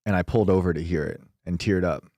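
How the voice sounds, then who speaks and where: A male co-host with a very low voice, upbeat and quick to chime in with agreement during a relaxed panel chat. He sounds dry and close to the mic. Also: no room sound. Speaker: podcast co-host.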